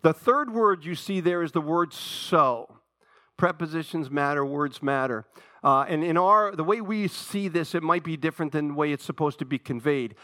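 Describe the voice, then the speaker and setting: High, bright-voiced preacher in a dry room. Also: male voice, no room sound. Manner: swings from loud emphatic peaks to low quiet asides; repeats phrases for emphasis. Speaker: pastor. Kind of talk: sermon.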